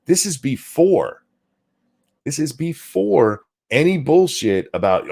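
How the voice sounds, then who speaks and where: A man hosting a casual political commentary show, ranting sarcastically with lots of swearing and talking fast. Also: fairly high pitch, creaky, breathy edge. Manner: animated, swearing, sarcastic rants. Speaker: show host.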